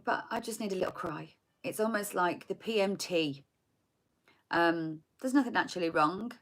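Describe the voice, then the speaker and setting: A woman giving a spiritual tarot reading, soft and meandering, often repeating words as she searches for them. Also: medium pitch. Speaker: tarot reader.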